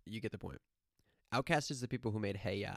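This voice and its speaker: A man's voice: fairly low pitch, fast talker, creaky, over music. A man talking casually and rambling, often laughing and swearing while he tells a story. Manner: rambling, laughing, profane, animated.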